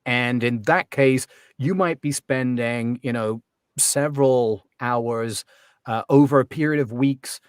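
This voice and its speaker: A man's voice: medium pitch, slow, smooth, dry recording, studio quality. A man talking casually as an accent coach in an interview, chatty and full of ums and restarts.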